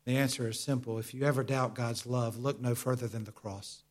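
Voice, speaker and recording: A middle-aged man preaching a sermon in an earnest, confessional way, repeating words as he searches for them, slowing down and dropping softer to stress a point. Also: medium pitch, fairly even intonation. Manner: earnest, confessional, with hesitant repetitions; slows down for emphasis, drops to a soft voice.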